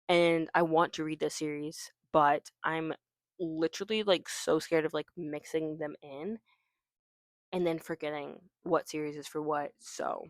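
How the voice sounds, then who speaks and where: A woman's voice: sits low, no room sound. A woman chatting casually about her reading list, rambling and correcting herself with lots of fillers. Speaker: booktuber. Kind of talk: casual chat about books.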